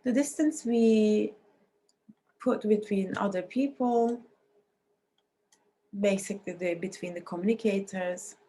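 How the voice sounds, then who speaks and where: Woman lecturer with a scratchy, mellow voice. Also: mid-range voice, a little slow, pauses often. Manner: explanatory, with frequent restarts and non-native phrasing. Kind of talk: recorded university lecture.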